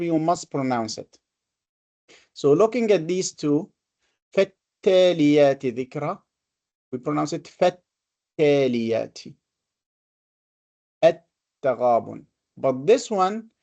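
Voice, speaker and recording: A man's voice: a little high, vocal fry, warm tone, muffled recording. A man teaching a classroom lesson on Quranic reading. He talks patiently, explains step by step and repeats his examples. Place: classroom with a board.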